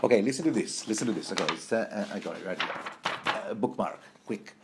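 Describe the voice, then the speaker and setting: A man's voice: lowish voice, lively intonation, quick pace, background noise. A man giving a rambling, wry commentary on a novel, digressing often as he reads passages aloud. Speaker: book commentator.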